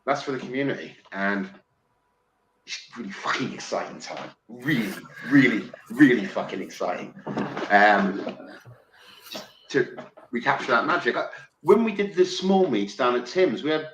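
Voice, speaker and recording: A man from England in casual podcast chat, excitable, swearing freely and stumbling over restarts. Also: mid-range voice, moderate pace. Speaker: podcast guest. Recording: roomy with faint noise.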